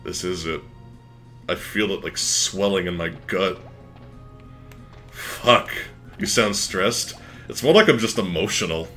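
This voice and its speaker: A man streaming a game live, chatting excitably and swearing when worked up. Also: low-pitched, takes it slowly, long pauses. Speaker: let's play streamer. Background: faint game music.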